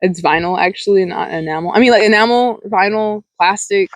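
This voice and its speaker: Woman, 20s, casual vlogger, mid-pitched, rambling and laughing, dry close-miked sound. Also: fairly quick, dry recording, low-quality recording. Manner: rambling, many fillers and restarts, laughs often. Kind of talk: casual film discussion. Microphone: close desk mic.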